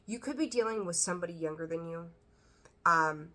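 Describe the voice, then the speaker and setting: A woman's voice: on the low side, fairly quick, pushed and bright. A woman giving a casual tarot reading, talking bluntly and chattily, swearing now and then. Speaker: tarot reader.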